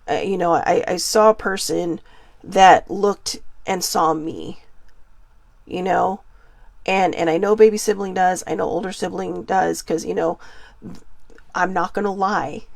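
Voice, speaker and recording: Woman in her 40s, rambly heartfelt podcast talk, bit of vocal fry, dry close sound. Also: on the low side, dry recording. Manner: rambling and earnest, many fillers and restarts. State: getting emotional. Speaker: podcast host. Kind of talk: casual personal monologue.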